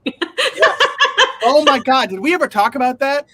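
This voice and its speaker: A man's voice: very high voice, moderate pace, sharp tone. A man co-hosting a podcast, chatting animatedly, swearing and acting out quotes in funny voices. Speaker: podcast co-host. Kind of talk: casual news chat.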